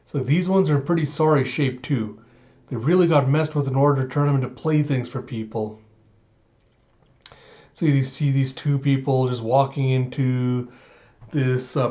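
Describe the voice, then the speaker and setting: A man's voice: medium pitch, a little mellow. A man hosting an anime reaction video, recapping the episode in a casual, chatty way that breaks into giggles. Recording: dull lo-fi audio.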